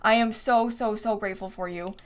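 A woman's voice: mid-range voice, fairly even intonation, fairly quick. A woman live-streaming a life-sim game, chatting casually, thinking aloud as she builds and thanking viewers by name with frequent giggles.

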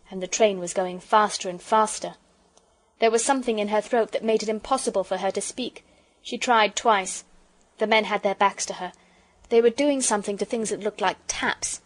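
Woman reading a children's audiobook. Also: mid-range voice. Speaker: audiobook narrator. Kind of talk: storybook narration.

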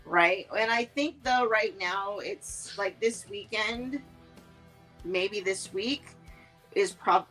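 A woman's voice: mid-range voice, slow, a bit bright, soft background music, rough recording. A woman co-hosting a casual podcast chat, rambling along with lots of fillers and restarts. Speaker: podcast co-host.

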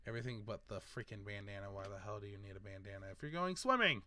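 Low-voiced man thinking aloud over gameplay. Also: little pitch movement, rapid-fire, a little hiss or hum. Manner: rambling, thinking aloud while choosing options. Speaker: gaming video host. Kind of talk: casual let's-play commentary.

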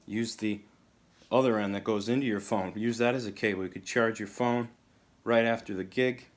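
A man's voice: on the low side, fairly even intonation, normal speed. A man hosting a comedic guitar video, talking in a dry, sarcastic way full of rambling asides. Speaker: video host.

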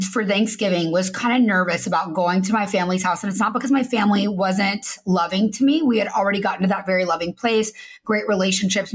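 A young adult woman, a podcast guest, telling a candid personal story openly and with feeling, laughing now and then. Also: medium pitch. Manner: open, emotional, laughs while telling painful story.

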